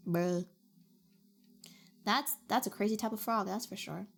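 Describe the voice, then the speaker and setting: A woman's voice: medium pitch, unhurried, vocal fry, long pauses, husky, soft background music. A young adult woman streamer from Canada, chatting playfully and reacting to her chat. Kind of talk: casual chat.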